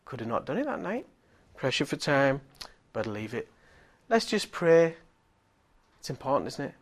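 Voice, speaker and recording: A middle-aged man preaching, telling a healing story with animated swings from hushed tones to loud exclaiming. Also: mid-range voice, moderate pace. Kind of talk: storytelling sermon.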